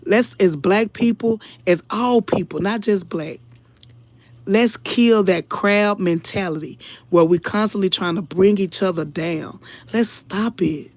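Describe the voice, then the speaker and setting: A woman's voice: medium pitch, unhurried, a little mellow, no room sound. A woman commentator talking casually to her viewers, earnest and emotional, preaching a little and calling them y'all again and again. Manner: earnest, preachy, keeps addressing the audience as y'all. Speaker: online commentator.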